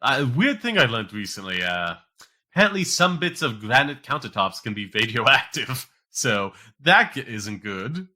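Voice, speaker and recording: A young man co-hosts a casual podcast with a bright, forceful voice. He rambles along, packing his talk with fillers like "like" and "uh". His pitch sits in the middle for a man. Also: big pitch swings, unhurried. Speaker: podcast co-host.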